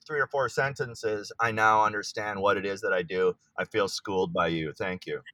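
A man's voice: lowish voice, steady tone, moderate pace, pushed and bright, dry recording. A man speaking as an artist guest in an interview, talking with enthusiasm and sometimes searching for words. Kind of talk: interview conversation.

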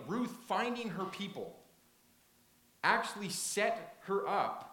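A man's voice: sits high, a bit bright. A man preaching a sermon in a church, retelling a story with earnest emphasis and frequent restarts. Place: church sanctuary. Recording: roomy echo.

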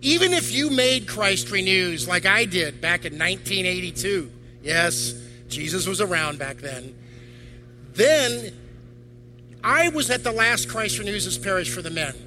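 A man's voice: high voice, expressive, a little slow, sharp tone, slight background noise, rough recording. An older man, a deacon, preaching a sermon to a congregation, firing off rhetorical questions. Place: church.

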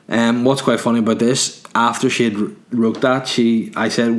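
Crude, giggly comic. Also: male voice, medium pitch, fairly even intonation, normal speed. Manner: crude, rambling, laughs at own jokes. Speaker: comedian answering listener questions.

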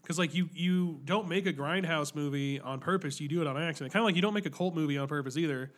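A man's voice: on the high side, fast talker. A young man co-hosting a podcast, talking in a laid-back, rambling way and laughing often. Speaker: podcast co-host. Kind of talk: casual chat.

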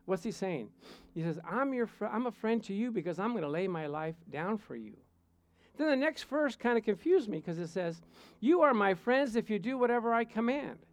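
A man's voice: high voice, animated, a little fast, dry recording. A man preaching a sermon, telling playful personal stories and chuckling between points. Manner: storytelling, playful, chuckles often. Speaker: pastor.

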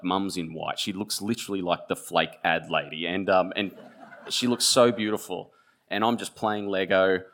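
Low-voiced Australian man telling a story. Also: a bit bright. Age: 30s. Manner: halting storyteller, many restarts and fillers. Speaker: author. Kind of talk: author talk with a reading aloud.

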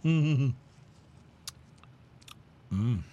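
A man's voice: mid-range voice, expressive, drawn-out words, muffled recording, background noise. Man, podcast host, casual chat, laughs a lot, lots of fillers. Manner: chatty, laughs often, many fillers.

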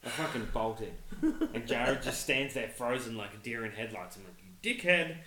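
A man's voice: mid-range voice, moderate pace. Swearing man telling stories. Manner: swears constantly, animated storytelling with laughter. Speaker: podcast co-host. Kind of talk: casual storytelling chat. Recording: echoey room.

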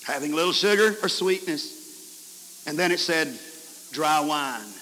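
Folksy preacher in a reverberant hall. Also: male voice, sits high, sing-song, takes it slowly. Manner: folksy storytelling, swings from shouts to hushed whispers. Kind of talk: camp meeting sermon. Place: camp meeting hall. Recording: hissy 1990s recording in a reverberant hall.

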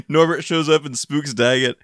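A man's voice: fairly high pitch, fairly bright tone, no room sound, clean studio sound. A man co-hosting a podcast, casually recapping a cartoon, laughing often and acting out characters in silly voices. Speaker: podcast co-host.

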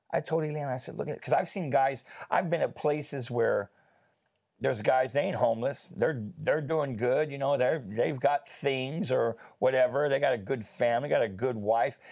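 A man telling a personal story in a casual faith discussion, chatty and animated, with many fillers. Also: mid-range voice, gravelly.

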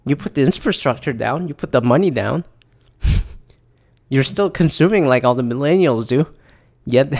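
Profane young man ranting. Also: medium pitch. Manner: profane, rambling, exasperated. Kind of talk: casual ranting monologue.

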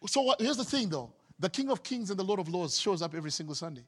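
Animated preacher man in a reverberant hall. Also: high-pitched, fast, breathy edge. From Zimbabwe. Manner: animated, swinging from loud exclamations to quiet asides. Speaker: pastor. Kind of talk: sermon.

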